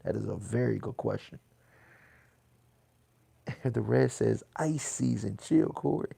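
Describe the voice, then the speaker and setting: A man hosting a boxing livestream, reading chat comments aloud in a loose, swearing, casual way that turns loud when he gets riled. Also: on the low side, steady tone, slow pace, vocal fry, slightly rough. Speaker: boxing channel host reading live chat.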